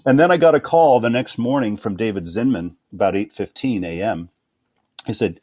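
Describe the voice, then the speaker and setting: A middle-aged man with a low voice tells anecdotes in a relaxed interview. He slips into other people's voices to act out the quotes, and laughs easily. The sound is dry and close. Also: normal speed, no echo. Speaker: guest conductor. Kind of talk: storytelling interview.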